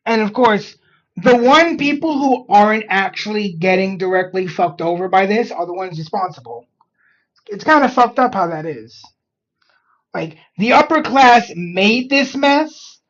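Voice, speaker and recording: A woman streamer who comments on a video with wry, chatty asides. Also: medium pitch. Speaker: streamer reacting. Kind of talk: casual reaction commentary. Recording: dull lo-fi audio.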